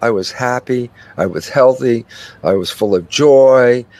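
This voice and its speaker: An older man speaks at a measured pace in a medium pitch. Interviewed as a guest, he explains his thinking at great length and conversationally, bringing it to life with animated stories and little exchanges he performs with himself.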